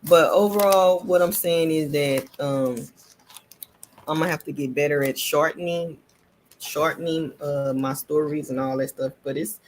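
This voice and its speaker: A woman vlogger telling a personal story in a casual, animated way, repeating herself and laughing between lines. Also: sits low, normal speed, slight background noise.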